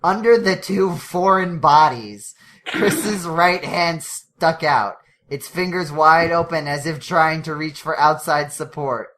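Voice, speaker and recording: Podcast co-host, comedic fanfiction reading, laughing often, self-correcting, middle pitch. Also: takes it slowly, a bit bright.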